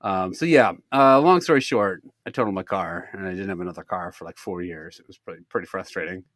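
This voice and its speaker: A man's voice: sits low, fast talker, dry recording, studio quality. A young man co-hosting a podcast, telling a story in casual chat, swearing freely and acting out the people in it. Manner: animated, swearing, acts out others' voices with laughs. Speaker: podcast co-host.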